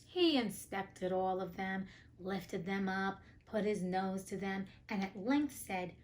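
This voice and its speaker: A woman's voice: mid-range voice, takes it slowly. A young woman hosting an audiobook podcast, reading a fairy tale with cheeky, profane side comments. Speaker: podcast host and audiobook reader. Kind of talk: casual storybook reading with asides.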